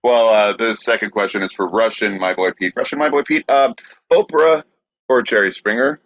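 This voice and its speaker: Low-voiced man with dull lo-fi sound. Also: moderate pace, a bit bright, no echo. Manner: easygoing, reads questions. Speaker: podcast host. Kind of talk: casual podcast hosting.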